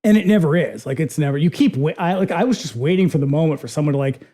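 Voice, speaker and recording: Casual podcast co-host; animated, salty delivery, warm dark tone. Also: mid-range voice, quick pace. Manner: animated, profane, acts out quotes. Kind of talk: casual film discussion.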